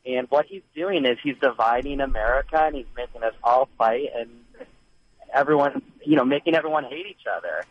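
A man's voice: mid-range voice, expressive, fairly quick, no echo. A man phoning in to a talk radio show, his mid-range voice coming through a muffled, dull phone line. He rambles earnestly, dry and close with no room around him. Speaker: caller. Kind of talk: phone-in call.

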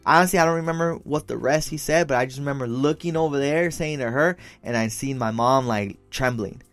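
A man's voice: medium pitch, brisk, soft background music. A young man telling a story in casual talk, slangy and profane, mixing in Spanish phrases and calling his friend "fool". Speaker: podcast co-host telling a story.

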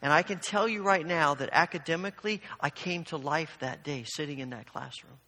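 A man's voice: a little high, fairly quick, bright, forceful tone. A man preaching a sermon, telling a personal story and then urging his listeners on with growing fervor. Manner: storytelling, building to fervent exhortation. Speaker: pastor. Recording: long hall reverb.

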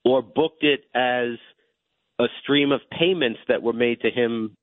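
A male legal commentator, a guest on a radio talk show, arguing in a measured way with frequent restarts over a phone line. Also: medium pitch, dry recording.

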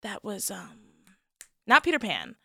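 Woman co-hosting a podcast, lively, bright, dry mic. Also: medium pitch, measured pace, vocal fry, breathy edge, no room sound. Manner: animated, laughs often. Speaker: guest co-host. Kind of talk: casual podcast chat.

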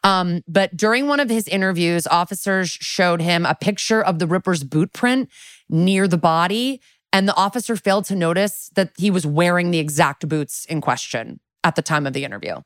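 A woman's voice: on the low side, normal speed, fairly bright tone, no echo, studio quality. A woman co-hosting a true-crime podcast, chatting casually, swearing freely and using lots of filler words. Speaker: podcast co-host.

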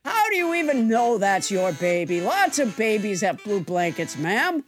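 A woman's voice: medium pitch, normal speed, faint music behind, natural voice. A woman playing a pedantic officer who keeps calling someone ma'am. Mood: deadpan. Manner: deadpan, pedantic.

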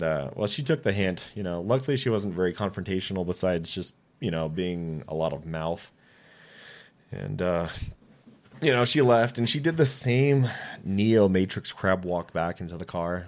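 Low-voiced man in his twenties telling stories. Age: 20s. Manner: animated, acts out quoted dialogue, swears freely. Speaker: podcast guest. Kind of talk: casual storytelling.

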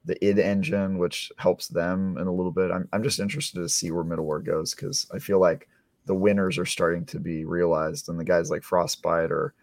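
A man co-hosting a casual podcast as a game reviewer, explaining things in a measured way. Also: deep voice, fairly even intonation, no echo. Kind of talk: casual chat.

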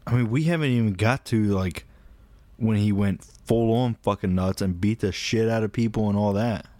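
A man with a somewhat low voice co-hosting a casual podcast, laid back and crude as he walks through the story. He is recorded up close, with a dry sound and no room around it. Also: moderate pace, darkish tone, no echo. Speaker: podcast co-host.

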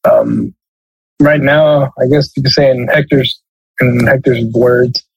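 A man co-hosting a sports podcast while sick, his voice nasal, talking haltingly and clearing his throat. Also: medium pitch, steady tone, no echo, low-quality recording. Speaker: podcast co-host. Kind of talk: casual sports chat.

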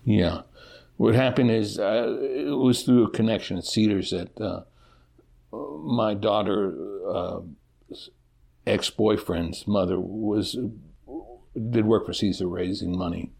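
A middle-aged man telling his own story candidly in an interview, pausing and restarting often. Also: on the low side, fairly even intonation, vocal fry, darkish tone. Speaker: interview guest.

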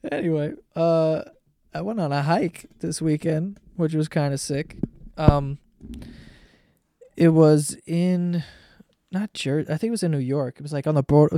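A man's voice: on the high side, gravelly, dark tone, dry recording. A man hosting a podcast, telling stories in a rambling, profane way and laughing often. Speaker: podcast host. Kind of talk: casual solo storytelling.

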